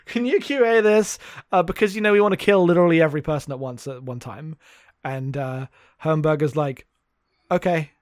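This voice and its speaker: A man co-hosting a podcast, mocking a book in casual comedic chat and putting on quick voices when he quotes its characters. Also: on the high side, dry recording, studio quality. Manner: sarcastic, laughing, mock-quoting characters. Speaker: podcast co-host.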